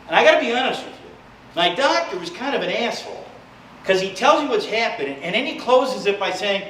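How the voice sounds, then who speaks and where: A fifty-something American man tears through a crude stand-up set in a high, pushed voice, ramping up into shouted rants. He sounds a little distant from the mic, in an echoey club room full of noise and laughter. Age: 50s. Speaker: stand-up comedian. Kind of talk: live stand-up routine. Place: comedy club stage with live audience. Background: audience laughter.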